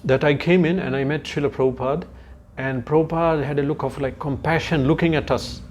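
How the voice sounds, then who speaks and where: A spiritual lecturer, a man whose voice sits somewhat higher than typical for men, speaks on scripture to young listeners in a storytelling, conversational style. He pauses at times to search for a word or addresses asides to the audience, his tone steady, slightly quick, and a bit mellow. A faint hiss lies beneath the recording.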